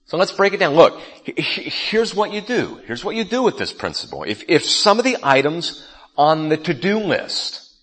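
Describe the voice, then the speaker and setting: A man's voice: a little high, a bit bright, breathy edge. A man preaching a sermon as a pastor, telling a story in a conversational way and speaking straight to his listeners. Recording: long reverb of a large hall.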